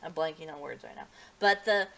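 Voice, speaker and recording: A woman's voice: low-pitched, a little fast, creaky, fairly bright tone, lo-fi sound. A woman casually recapping a show's episode, rambling with many fillers and restarts. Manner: acts out characters' lines in livelier voices. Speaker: anime reviewer.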